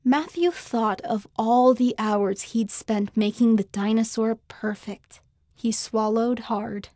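A woman reads a children's story aloud, shaping each scene with clear, expressive storytelling. Her voice sits a little high, and the studio sound is dry and close. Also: takes it slowly, no echo. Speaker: narrator. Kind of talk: scripted children's story narration.

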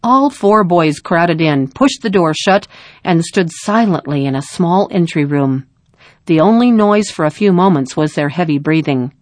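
A woman reading a story aloud in a calm, measured narration. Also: on the low side, no echo, studio quality.

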